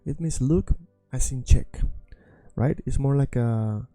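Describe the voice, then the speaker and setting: Gravelly Swedish-accented man teaching language. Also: mid-range voice, warm tone, no room sound, soft background music. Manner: patient, repeats words slowly to drill pronunciation. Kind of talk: language lesson.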